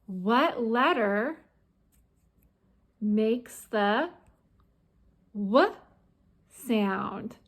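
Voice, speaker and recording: A woman teaching small children letter sounds in a slow, sing-song voice. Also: a little high, lively intonation. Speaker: preschool teacher. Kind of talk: children's phonics lesson.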